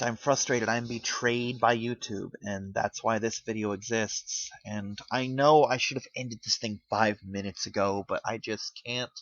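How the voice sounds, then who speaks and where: Pleading earnestly with his viewers, a YouTuber rambles and restarts as he speaks from the heart in a rant to camera. His voice is fairly low and fairly bright. The home-microphone recording has no echo and a lo-fi sound.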